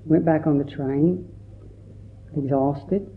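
A monk gives a reflective dharma talk in a gravelly, fairly high male voice. The recording is thin and phone-like, as if heard down a narrow line. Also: fairly even intonation, slow. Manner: storytelling with quoted voices, gentle and reflective. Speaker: Buddhist monk teacher.

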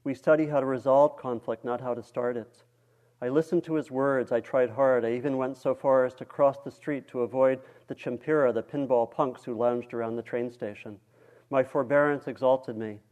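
A male meditation teacher reading a story aloud during a dharma talk, in a calm, measured way. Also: mid-range voice, muffled recording.

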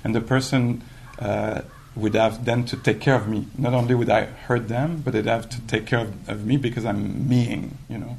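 A man giving a conversational dharma talk as a meditation teacher, animated and full of "you know" fillers. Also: mid-range voice, normal speed, gravelly, hardly any pauses, slight background noise, rough recording. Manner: animated, acts out quoted inner voices.

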